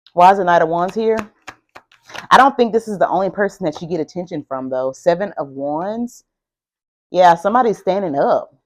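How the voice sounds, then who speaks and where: Excitable woman reading tarot cards. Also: lowish voice, highs cut off. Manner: excitable, emphatic and heavily profane. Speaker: tarot reader. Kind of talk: casual tarot card reading.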